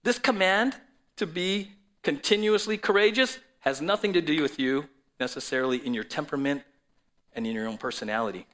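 A man preaching a sermon to a congregation and viewers at home, swinging between loud declarations and soft, low asides. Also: a little fast. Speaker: pastor.

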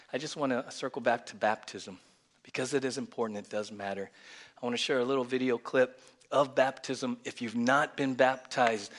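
A medium-pitched male pastor gives an energetic sermon in church, his volume swinging from loud outbursts down to near-whispers as he urges the congregation to answer back.

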